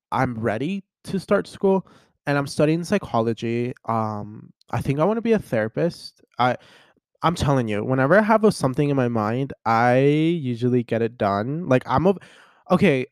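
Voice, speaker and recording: A young man vlogging in a casual chat to camera, telling stories in a chatty, animated way with lots of fillers. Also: medium pitch, dry recording, studio quality. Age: young adult.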